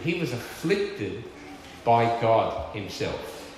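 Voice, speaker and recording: A man preaching a sermon with earnest, emphatic delivery, slowing down to stress key words. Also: medium pitch, fairly bright tone, slight background noise. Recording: echoey church hall with long reverb.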